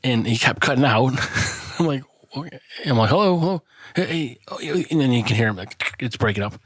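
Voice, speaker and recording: Husky guy cohosting a beer podcast, cusses constantly, laughs a ton, dry close sound. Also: mid-range voice, fairly quick, no echo. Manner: profane, laughs often, rambling storyteller. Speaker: podcast co-host. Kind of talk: casual banter.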